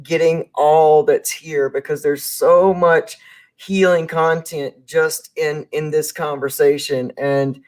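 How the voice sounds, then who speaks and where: An effusive, encouraging podcast host wraps up a live show, speaking straight to the audience. The voice sits at a middling pitch. It comes over a video call. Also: fairly even intonation, takes it slowly, a little mellow.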